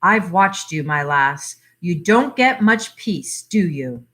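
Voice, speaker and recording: A woman doing a cunning old country aunt who speaks in a soft, knowing dialect, her voice swooping with secret amusement. She talks unhurriedly and brightly, as if sharing a long-kept joke. Storybook reading. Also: on the low side, expressive, slow. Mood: confiding. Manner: knowing, chuckling, broad dialect.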